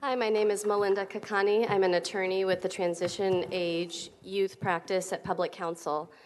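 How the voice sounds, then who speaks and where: A woman's voice: mid-range voice, flat delivery, darkish tone, a little hiss or hum. Formal woman attorney in a reverberant hall. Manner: formal, measured, reading from notes. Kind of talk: prepared public statement.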